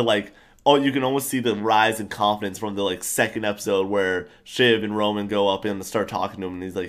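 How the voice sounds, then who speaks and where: Enthusiastic rambling young man. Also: on the low side. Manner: enthusiastic, rambling, animated outbursts. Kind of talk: casual TV show discussion.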